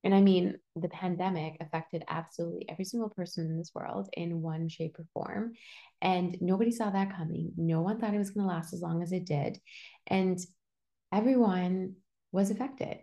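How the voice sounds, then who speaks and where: A woman's voice: on the low side, fairly even intonation, normal speed, creaky, warm tone, muffled recording. A young woman hosting a solo personal-growth podcast, talking in a casual, reassuring way with lots of "like" fillers. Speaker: podcast host.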